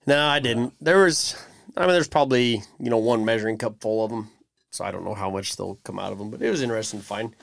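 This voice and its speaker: A man's voice: on the low side, fast talker, gravelly, dry recording. A man co-hosting a podcast in casual chat, wry and laid-back, often trailing off. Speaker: podcast co-host.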